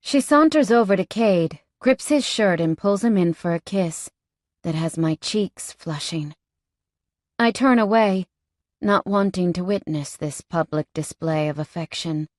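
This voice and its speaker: Woman narrator, slow measured audiobook read, lowish voice, dry close mic. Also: a little mellow, no room sound. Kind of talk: first-person romance novel narration.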